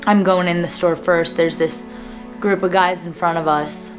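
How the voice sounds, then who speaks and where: A woman in her twenties tells a personal story straight to camera, earnest and plain-spoken, often pausing on fillers. Her voice sits a little low for a woman. Soft music plays faintly underneath. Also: steady tone. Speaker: vlogger.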